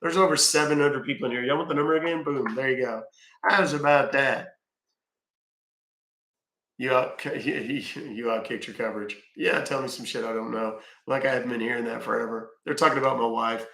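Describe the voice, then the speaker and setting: Gravelly, bright-voiced man hosting a live stream. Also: medium pitch, moderate pace, echoey room. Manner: rambling, thanks viewers by name, swears casually. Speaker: live-stream scambaiter host. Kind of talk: casual live-stream chat. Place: at home.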